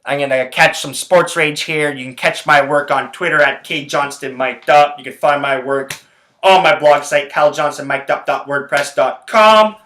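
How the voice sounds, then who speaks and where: A man's voice: fairly high pitch, normal speed, sharp tone. Man, podcast host, casual sports rant, profane, rambling, heated, echoey room.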